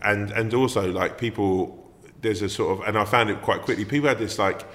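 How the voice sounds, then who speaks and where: A comedian and actor chatting as a podcast guest, telling stories animatedly and swearing freely. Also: male voice, on the low side, fairly quick, fairly bright tone. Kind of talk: casual podcast chat.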